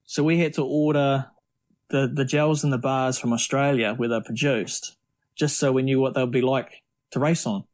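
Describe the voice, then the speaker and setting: A middle-aged man talks at a middling pitch. He tells casual, rambling anecdotes as an interview guest, often restarting his sentences. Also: steady tone, normal speed, a little mellow. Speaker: triathlete guest.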